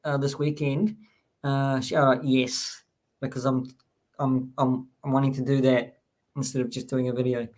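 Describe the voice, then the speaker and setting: A man's voice: medium pitch, little pitch movement, moderate pace. A man hosting a casual live-streamed chat, talking loosely with many fillers and restarts. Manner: rambling, filler-heavy, warm thanks to chat. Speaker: host.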